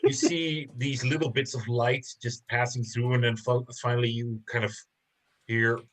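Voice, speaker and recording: A man narrating as game master for a tabletop game, in slow narration broken by pauses and fillers. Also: mid-range voice, fairly bright tone.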